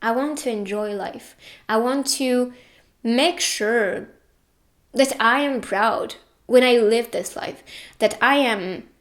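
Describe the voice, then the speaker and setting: A woman's voice: fairly high pitch, slow pace. A young woman giving a casual tarot reading, earnest and reassuring, getting tearful at times. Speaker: tarot reader.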